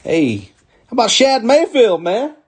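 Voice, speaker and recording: This card-break host has an extremely high, husky voice that swoops wildly in pitch. He keeps the live commentary upbeat and chatty, firing off names in quick bursts as he opens packs and chuckling a lot.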